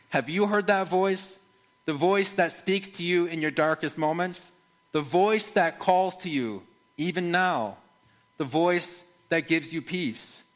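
A man preaching a first-person dramatic sermon, measured and earnest, with rhetorical questions to the listeners. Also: fairly high pitch, a bit bright. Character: Mary Magdalene retelling the resurrection, played by a man.

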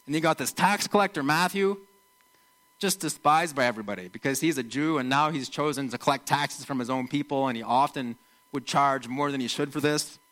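A man's voice: mid-range voice, brisk, low-quality recording. A man preaching a sermon in a casual, conversational way, acting out quotes from the stories he tells. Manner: conversational, animated, acts out quotes.

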